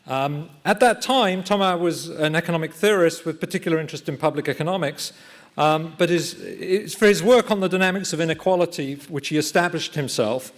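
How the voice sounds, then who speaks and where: Man, event chair, formal introduction, measured, hesitant pauses, slightly high voice. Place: lecture theatre.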